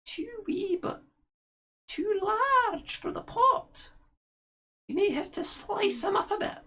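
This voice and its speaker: A man voicing an old Scottish crone witch in a shrill, very high falsetto. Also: animated, slow pace, sharp tone, full character voice. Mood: menacing.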